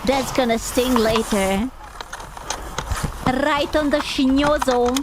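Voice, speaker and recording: A woman's voice: high voice, slow, background noise. A young woman streaming, reacting to a video in a playful, giggly way and swearing freely. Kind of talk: casual live-stream reaction commentary.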